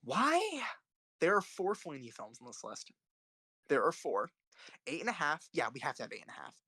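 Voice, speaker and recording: A man giving casual, opinionated film commentary, rambling with many restarts and fillers, profane and excitable. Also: mid-range voice, fairly quick, no echo, clean studio sound. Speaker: filmmaker and author ranking films.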